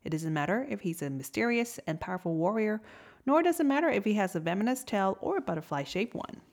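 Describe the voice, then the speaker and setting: A woman reading a storybook tale aloud in a gentle, soft-spoken way. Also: medium pitch, very animated, fast. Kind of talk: storybook narration.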